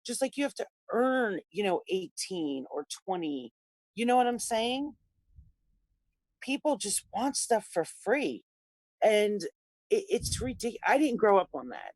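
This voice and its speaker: Brief: female co-host, mid pitch, dry close recording, opinionated and lively. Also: measured pace, no room sound. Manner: opinionated, animated. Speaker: talk show co-host. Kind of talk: casual political talk.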